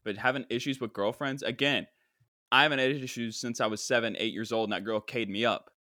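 Podcast host, young man, animated comic disbelief, dry sound. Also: mid-range voice, fairly quick, no echo. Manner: incredulous, animated, mock-exasperated. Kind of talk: casual comedic reaction.

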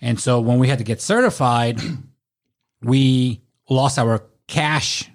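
A man's voice: medium pitch, slow. Profane man telling bar stories. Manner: profane, laughing anecdotes with acted quotes. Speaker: podcast guest, former bouncer. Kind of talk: casual storytelling.

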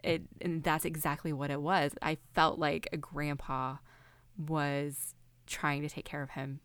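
A woman's voice: low-pitched, little pitch movement, measured pace, fairly bright tone, smooth, no room sound. A woman with a Southern American accent co-hosting a podcast, chatting with enthusiasm. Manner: enthusiastic, gushing. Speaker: podcast co-host. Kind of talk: casual chat.

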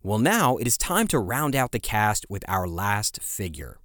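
A man's voice: on the low side, sing-song, measured pace, fairly bright tone, no echo, studio quality. A man hosting a history podcast, telling the story in a conversational way with asides to his listeners. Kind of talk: scripted history narration.

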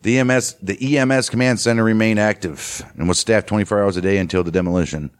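Deep-voiced male podcast co-host. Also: fast, smooth. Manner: frequent muttered reactions, some stumbles. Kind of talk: reading history and casual chat.

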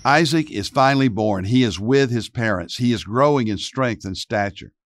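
A man narrating a Bible story in a calm, reflective way. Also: mid-range voice, moderate pace, dry recording, clean studio sound.

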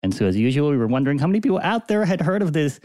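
Lively joking man, dry sound. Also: a little high, very fast, no echo. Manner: joking, laughs often. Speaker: podcast co-host. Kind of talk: casual science chat.

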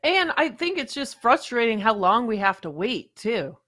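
A woman in her thirties tells exasperated stories in a casual talk-show chat. Her voice sits high and sounds bright and forceful. She often leaps up even higher to mimic the people who annoyed her. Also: moderate pace.

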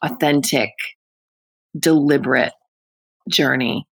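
A woman's voice: extremely low pitch, steady tone, slow, vocal fry, breathy edge. A woman hosting an interview show, affirming her guest in an effusive way. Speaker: podcast host. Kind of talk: interview conversation.

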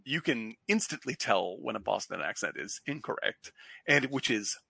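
A man from Cape Cod talks in a loose, rambling way, piling up fillers and restarts. His voice is gravelly and bright-edged with a husky grain. The sound is close and dry. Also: medium pitch, animated, moderate pace, no room sound. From Cape Cod, Massachusetts. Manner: rambling, many fillers and restarts, bursts of laughter. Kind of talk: casual chat.

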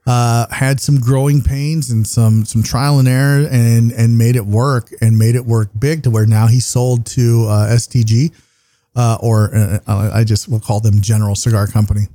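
A man's voice: mid-range voice, steady tone, normal speed, dark tone, no echo. Tired-sounding man, dry podcast mic. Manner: rambling, profane, jokey. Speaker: podcast host. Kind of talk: casual chat.

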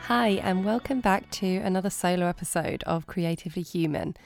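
A woman's voice: fairly low pitch, fairly quick, vocal fry, faint music behind. A woman hosting a solo podcast, sounding nasal from a cold and talking in a candid, earnest way. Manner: candid, earnest and self-doubting. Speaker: podcast host.

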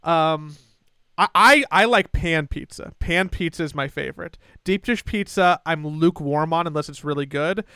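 A young man with a smooth, resonant voice and a slightly high pitch tells a story on a casual podcast. He talks with animated energy, stumbling through quick restarts and laughing asides. The sound is dry and close. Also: no echo. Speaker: podcast co-host.

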